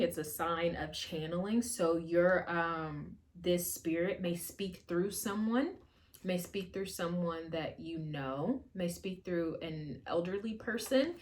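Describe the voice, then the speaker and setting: A woman giving a casual, rambling channeled tarot reading at home, with fillers and the odd swear word. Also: lowish voice. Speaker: tarot reader. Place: home with washer running.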